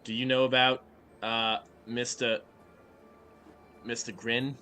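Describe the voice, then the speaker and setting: Guy doing a pompous governor, drawly and grand, bright forceful voice. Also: mid-range voice, level tone, takes it slowly, a little hiss or hum. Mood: grandiose. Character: pompous drawling male governor, tabletop character.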